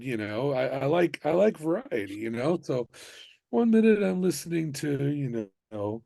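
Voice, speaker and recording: A man from the United States, a musician, telling stories in a casual interview with animated bursts of excitement. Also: fairly high pitch, moderate pace, vocal fry, dry recording. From United States (Miami). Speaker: musician guest.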